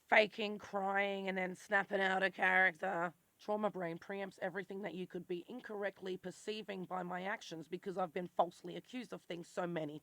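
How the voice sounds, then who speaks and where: An adult in their forties with an Australian accent, talking bluntly and intensely in a candid personal monologue. Their voice is worn and turns squeaky when they get worked up. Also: bright, forceful tone, no echo. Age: 40s. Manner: blunt, swears freely, intense and rambling. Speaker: vlogger.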